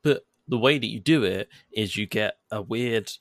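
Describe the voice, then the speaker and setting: Man, podcast co-host, casual chat, swears often, animated, lowish voice, dry close sound. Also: moderate pace, no room sound. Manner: swears freely, animated retelling.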